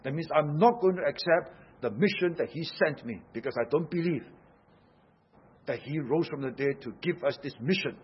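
A male preacher delivers his sermon with a husky edge to his voice. He is emphatic, dropping into hushed tones and then pressing hard on key phrases. The recording sounds dull and lo-fi. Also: fairly high pitch, moderate pace. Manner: emphatic, swings from hushed to loud.

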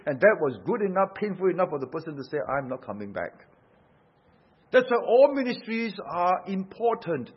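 A man delivers a sermon, pressing his points with rhetorical questions and bursts of force. His voice sits slightly high and husky. The recording sounds dull and lo-fi. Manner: emphatic, rhetorical questions, rising and falling force. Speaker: pastor.

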